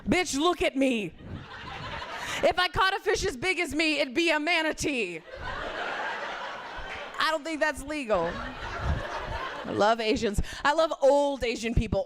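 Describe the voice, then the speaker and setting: A woman performing a stand-up comedy set on a club stage with a handheld mic, brash and profane, dropping into lowered voices to act out other people. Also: normal speed.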